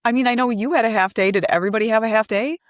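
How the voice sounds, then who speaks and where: A woman's voice: on the high side, racing, no echo, studio quality. A woman co-hosting a movie podcast in casual chat, chatty and playful. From Michigan. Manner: chatty, playful, easily laughing. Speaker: podcast co-host.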